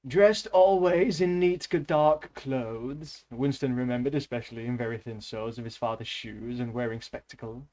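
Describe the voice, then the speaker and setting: A man putting on a Russian accent to read a book in a deep, sullen, slow voice. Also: fairly even intonation, a little mellow, lightly acted, poor audio. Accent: put-on Russian.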